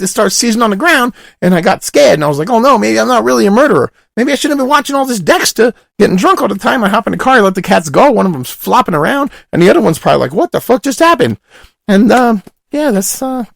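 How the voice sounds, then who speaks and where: A man voicing a raspy, burnt-out party guy who rambles with fillers and asides in a comic monologue. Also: sits high, dry recording, studio quality, full character voice.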